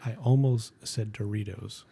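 A woman's voice: a bass voice, unhurried, gravelly, dark tone, husky. A woman co-hosting a live painting show, bantering casually and laid-back. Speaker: co-host. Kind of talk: casual chat.

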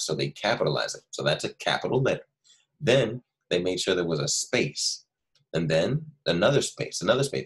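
A man teaching a first grade class in a recorded online lesson, speaking slowly and warmly to young children and reading example sentences aloud with lively stress. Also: sits low, slightly rough. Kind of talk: recorded remote homework lesson with screen share.

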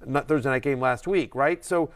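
A middle-aged man hosting a fantasy football show, talking fast and animated, acting out voices as he rants. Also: mid-range voice. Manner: animated, ranting, acts out quoted voices. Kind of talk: excited sports analysis chat.

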